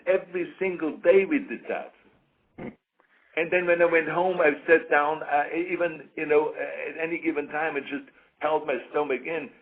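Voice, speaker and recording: A man giving an interview in a casual, emphatic way, repeating his points over and over. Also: on the high side. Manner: emphatic, repeats points, acts out quoted voices. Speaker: interview guest. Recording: tinny phone-like radio sound.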